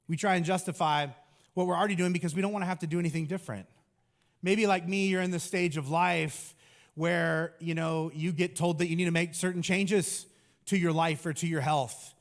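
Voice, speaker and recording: A man's voice: high voice, fairly even intonation, normal speed. A middle-aged man preaching a conversational sermon as a pastor, casual and joking, with many fillers.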